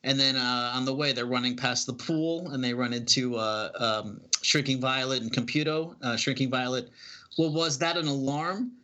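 Bright-voiced man rambling through a comic. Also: medium pitch, normal speed, hardly any pauses, dull audio. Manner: rambling, hesitant, many fillers. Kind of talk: casual comic book read-through.

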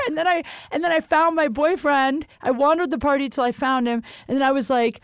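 A woman's voice: high-pitched, fairly quick, few pauses, clear, resonant tone, no room sound, studio quality. A young adult woman hosting a podcast, telling a story in casual chat, candid and profane, with lots of fillers. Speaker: podcast host.

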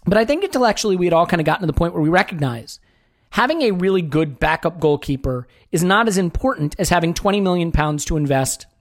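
Fast-talking wry podcast host. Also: male voice, on the high side, expressive. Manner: wry, joking, rambling. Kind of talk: casual sports chat.

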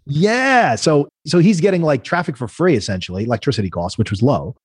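A man, a guest entrepreneur telling animated stories in a casual interview, acting out the voices of the people he quotes. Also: fairly high pitch, brisk, breathy edge, dry recording, studio quality. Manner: animated storyteller, acts out quoted voices, frequent "right?".

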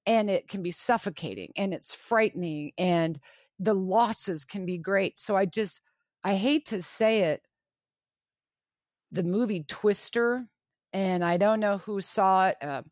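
A woman's voice: medium pitch, dry recording, clean studio sound. A middle-aged woman, a guest on an interview show, speaking earnestly and with emphasis, often restarting her phrases. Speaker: author and guest. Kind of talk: radio interview.

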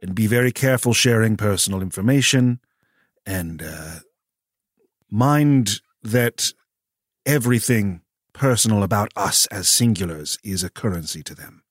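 Lowish guy playing his character, careful and kinda formal, dry close sound. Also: no room sound. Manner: measured, careful, slightly formal. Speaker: player. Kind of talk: tabletop role-play in character.

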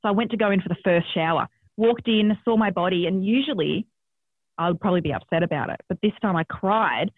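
A woman with an Australian accent, a podcast guest telling a story casually, animated and swearing freely, acting out what people said. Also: mid-range voice, quick pace, dry recording, phone-quality sound.

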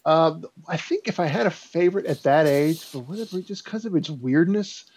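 A man casually telling a spooky story in a relaxed, rambling way with lots of fillers. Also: fairly high pitch, moderate pace. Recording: dull lo-fi sound.

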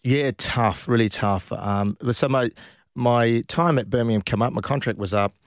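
A man's voice: medium pitch, normal speed, no room sound, clean studio sound. A man, a former footballer telling stories casually in an interview, often laughing as he goes. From Australia. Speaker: former professional footballer, guest.

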